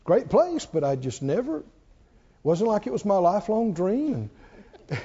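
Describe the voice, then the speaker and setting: A man's voice: sits high, big pitch swings, measured pace, dark tone, lo-fi sound. A male pastor preaching a sermon, telling his story with animation and leading the congregation in call-and-response prayer.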